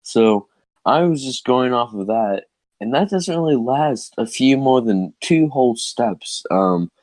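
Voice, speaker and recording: A young man co-hosting a podcast, telling his side of a story in a slow, rambling, laid-back way. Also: mid-range voice, animated, a little mellow, no echo. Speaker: podcast co-host. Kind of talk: casual storytelling chat. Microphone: headset.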